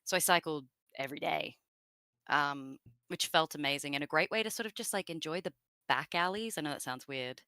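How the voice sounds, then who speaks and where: Aussie woman rambling on in an interview, crisp bright voice, dry close mic. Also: low voice, fairly quick, no echo. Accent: Australian. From Australia. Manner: chatty and rambling, with many fillers and asides. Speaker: voice actress guest. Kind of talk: casual interview chat.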